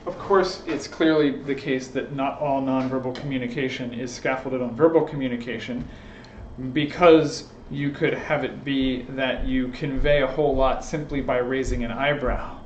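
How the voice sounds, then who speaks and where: A man's voice: medium pitch, fairly even intonation, normal speed, distant mic, slight background noise. A man giving an informal lecture to a small group, thinking aloud with frequent fillers and restarts. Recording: roomy, dull lo-fi room recording.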